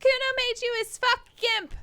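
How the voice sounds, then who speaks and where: A woman voicing a taunting, bratty young boy in a game, screeching and yelling at high volume. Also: little pitch movement, normal speed, no echo. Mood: cackling.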